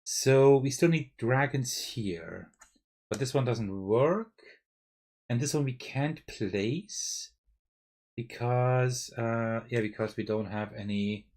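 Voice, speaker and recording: Live-stream host, German-accented man, slightly husky, casual and musing. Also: mid-range voice, slow, a little mellow. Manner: thinking aloud, frequent "right?" checks. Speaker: board game streamer. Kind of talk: live-stream gameplay commentary.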